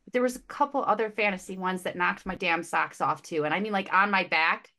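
A woman on a podcast panel talking about books she loved, gushing and emotionally expressive, often restarting and repeating words as she goes. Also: lowish voice, brisk. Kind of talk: casual book chat.

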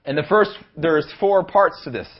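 Young male pastor, high voice, energetic rally sermon, muffled lo-fi recording. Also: normal speed. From Canada. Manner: energetic preaching, asks the crowd for amens, rises to shouts. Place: youth rally hall.

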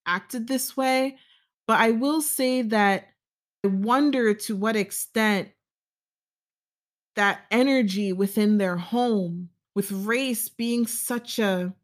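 A woman talks straight to her viewers in an easygoing storytelling monologue. Her pitch sits in an ordinary middle range for a woman. She speaks in a measured way, often pausing on fillers and restarting her sentences as she goes. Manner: conversational, measured, frequent fillers and self-corrections. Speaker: vlogger. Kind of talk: casual storytelling monologue to camera.

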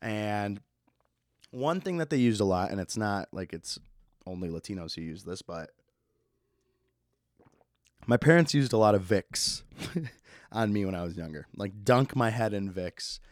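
Young man, podcast host, casual solo chat, somewhat low voice, dry close sound, swears a lot. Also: lively intonation, measured pace, long pauses, no room sound. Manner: laid-back, swears freely, laughs at his own stories.

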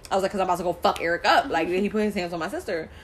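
A woman co-hosting a podcast, telling a story in casual chat, animated and swearing, acting out quoted lines. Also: on the low side, very fast, slight background noise. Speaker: podcast co-host.

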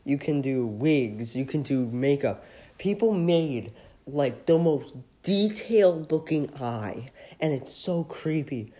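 Slow-talking, excitable man rambling. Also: a little high. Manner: rambling and excitable, giggles as he talks. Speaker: vlogger. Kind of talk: casual enthusiastic chat.

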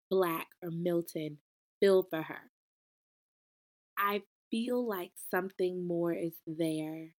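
A young woman, giving a casual book review, expressive and animated, talking back to the book as she goes. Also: fairly low pitch.

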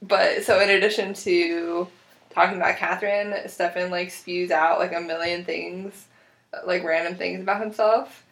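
A woman chatting casually about a TV episode, relaxed and quoting the characters. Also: lowish voice, moderate pace. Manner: relaxed, laughing, quotes the characters. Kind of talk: casual podcast chat recapping a TV episode. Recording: echoey room.

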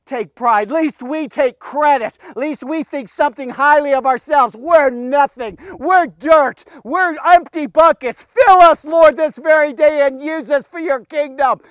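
A man preaching a devotional podcast sermon, fervent and emphatic, swinging from shouts to hushed asides. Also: extremely high pitch, unhurried, few pauses, no room sound.

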